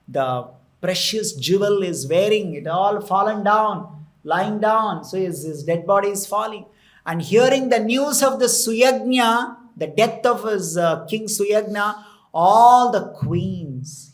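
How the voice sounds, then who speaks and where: A man's voice: sits high, a bit bright. A man with an Indian English accent, telling a scripture story as a temple preacher, with repeated phrases and Sanskrit words mixed in.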